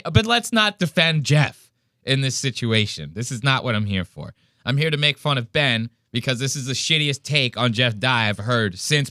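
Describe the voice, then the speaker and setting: Bright-voiced ranting podcast host man. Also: mid-range voice, no room sound, studio quality. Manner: profane, ranting, mocking impressions. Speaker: podcast host reacting to a clip. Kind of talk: casual podcast commentary.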